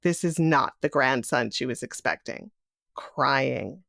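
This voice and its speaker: A woman's voice: extremely low pitch, slow, gravelly, no room sound, clean studio sound. A middle-aged woman telling a personal story in present tense, acting out the voices of others. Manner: vivid, animated retelling in present tense, acting out quoted voices.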